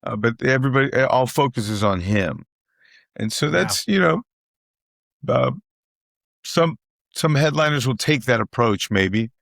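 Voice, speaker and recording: A man's voice: medium pitch, expressive, measured pace, vocal fry, long pauses, a bit bright, no echo, clean studio sound. A middle-aged man, a guest comedian telling stories in casual chat, who repeats phrases for emphasis and acts out what other people said.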